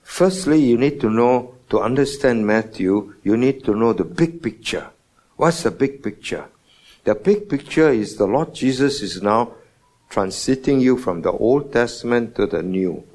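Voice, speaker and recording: A man preaching a morning sermon, stressing words with sudden loud and soft swings and asking his listeners questions. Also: medium pitch, expressive, unhurried. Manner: emphatic, rising and falling in loudness for stress; asks the congregation rhetorical questions.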